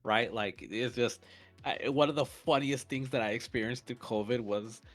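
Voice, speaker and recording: A man co-hosting a podcast, telling retail stories in a casual, animated way with swearing and laughter. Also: mid-range voice, normal speed. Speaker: podcast co-host. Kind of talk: casual chat.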